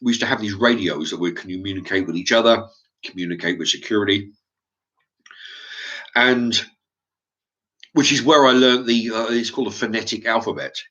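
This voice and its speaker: A man's voice: fairly low pitch, sharp tone. Rambling Englishman on a lo-fi mic. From England. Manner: halting, many restarts and repeated words. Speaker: YouTube channel host. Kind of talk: rambling casual monologue to viewers.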